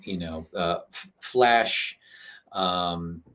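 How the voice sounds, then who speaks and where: A man's voice: low voice, drawn-out words, pushed and bright. A man co-hosting a casual podcast chat, joking around and laughing easily. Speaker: podcast co-host.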